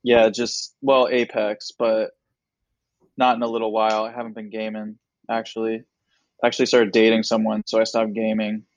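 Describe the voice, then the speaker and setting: Animated man telling a story. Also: fairly low pitch, moderate pace, dry recording, rough recording. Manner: animated, acts out other people's lines. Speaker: comedian guest. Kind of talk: casual storytelling chat.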